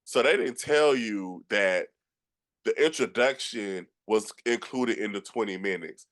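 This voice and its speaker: Low-voiced Georgia man telling stories. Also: unhurried. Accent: Southern US, Georgia. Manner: animated storyteller with frequent restarts, acts out quotes. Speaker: podcast host. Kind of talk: casual storytelling chat.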